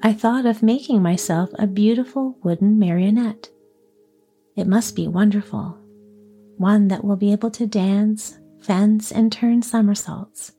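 A woman voicing a dapper, hot-tempered little old man in a storybook reading, quick to anger. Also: mid-range voice, dark tone, husky, soft background music. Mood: grumbling.

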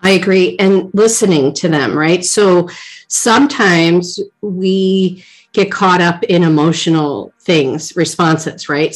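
A woman hosting a casual interview, telling animated examples, often tagging "right?" and laughing lightly. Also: fairly low pitch, poor audio.

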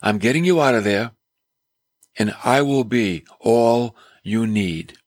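A man's voice: mid-range voice, takes it slowly, no room sound, clean studio sound. A male preacher voicing God in a retelling, firm and reassuring.

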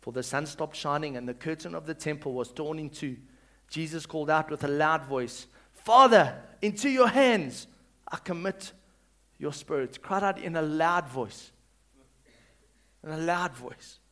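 Man preaching a sermon, raised voice, dramatic, loud calls then hushed reading, call-and-response. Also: a little high, moderate pace. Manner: leads the congregation in call-and-response. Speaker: pastor.

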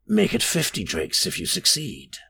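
A man voicing a tall, thin, sinister stranger who speaks in a slow, low, rasping near-whisper. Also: wildly swooping pitch, exaggerated voice. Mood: menacing. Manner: slow, quiet, menacing, at times whispered.

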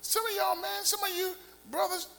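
A middle-aged man, a pastor, preaching a sermon in a church with lively, colloquial delivery that climbs to near-shouts. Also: very high-pitched, moderate pace, creaky, poor audio. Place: church sanctuary. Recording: faint mains hum.

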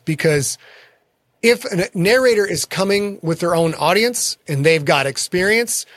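A man's voice: high voice, lively intonation, measured pace, a bit bright, no echo. A man, a guest author in a casual interview, telling frank and self-deprecating stories about his work.

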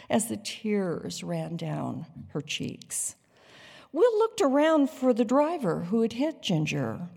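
A woman narrating a dramatic story in an expressive, deliberate way. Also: medium pitch, creaky, slightly rough. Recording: long hall reverb.

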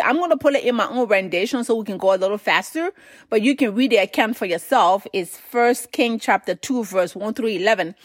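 A woman's voice: on the high side, lively intonation, moderate pace, no room sound, studio quality. A woman, preaching a sermon, telling a story with emphatic repetition.

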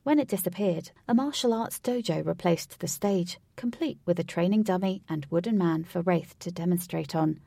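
A woman's voice: fairly low pitch, moderate pace, vocal fry, few pauses, warm tone, dry recording, recorded from a distance. A woman narrating a fantasy story aloud, reading evenly.

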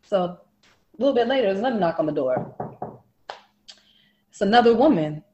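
A woman in casual chat, telling a long personal story with lively, cursing, raised-voice quotes of the people in it. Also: mid-range voice, fairly quick, lo-fi sound. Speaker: storyteller guest.

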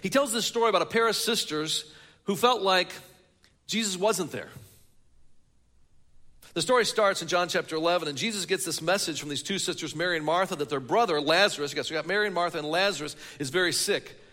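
A man's voice: high-pitched, fairly quick, sharp tone. A man preaching a sermon in a church hall, telling a story and building it with rhetorical questions. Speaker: pastor.

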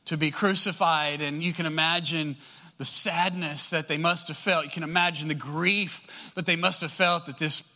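Pastor, male; bright, lively sermon storytelling with high, ringing tone. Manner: storytelling, rises high and fast when excited.

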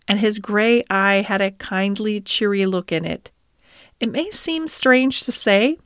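Woman audiobook narrator, mid pitch, gentle storytelling, dry close recording. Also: no room sound. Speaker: audiobook reader. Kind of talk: scripted narration.

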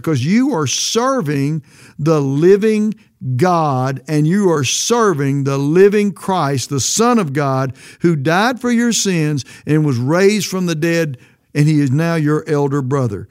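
A man's voice: a little high, no room sound, clean studio sound. A man preaching a sermon as pastor, earnest and emphatic, his voice leaping up on quoted questions.

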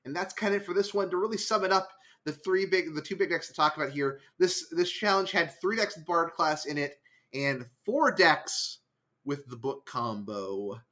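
A man hosting a casual card game podcast, animated, laughing often and quickly correcting himself. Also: fairly high pitch. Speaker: podcast host. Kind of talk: casual chat about card game results.

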